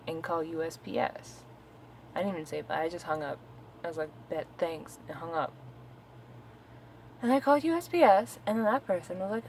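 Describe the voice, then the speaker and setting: Gravelly low-voiced woman ranting. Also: normal speed, a little hiss or hum, low-quality recording. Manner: profane, exasperated, animated storytelling. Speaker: vlogger. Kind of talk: casual venting rant.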